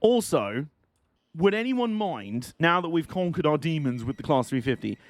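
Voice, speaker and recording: A man giving excitable, jokey, mock-outraged live commentary while streaming a game. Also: fairly high pitch, normal speed, dry recording.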